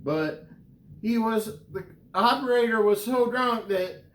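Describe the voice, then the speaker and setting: A man playing a rambling, grieving man from Vermont who tells an absurd story deadpan and stumbles over his words. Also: high-pitched, slow, echoey room, heavily acted. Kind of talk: comedic character monologue.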